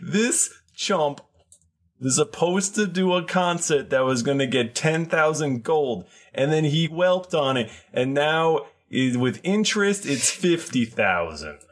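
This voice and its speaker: A man's voice: fairly high pitch, animated, slow. A man voicing a menacing male mob debt collector who mocks and scoffs, in a tabletop game podcast. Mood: scoffing. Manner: scoffing, mocking.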